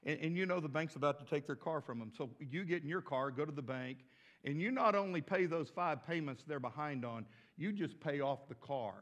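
A pastor from the States, preaching a sermon with emphatic rises and repeated words. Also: male voice, fairly high pitch, fairly quick. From southern United States.

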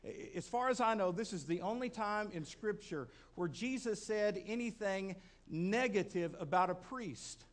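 A male pastor preaches conversationally, questioning the congregation and repeating words to build emphasis. His voice sits high, with lively intonation and a moderate pace.

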